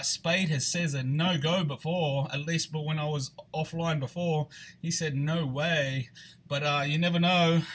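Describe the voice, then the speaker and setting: A man with a slightly high voice runs a live card break stream. He talks in a loose, halting way, full of ums and restarts. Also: fairly bright tone. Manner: chatty, halting, many fillers and restarts.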